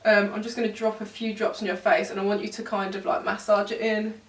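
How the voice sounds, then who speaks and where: A young woman chatting quickly and teasingly while doing makeup in a beauty vlog, recorded indoors at home. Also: medium pitch, flat delivery. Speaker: beauty vlogger. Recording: roomy sound, mic at a distance.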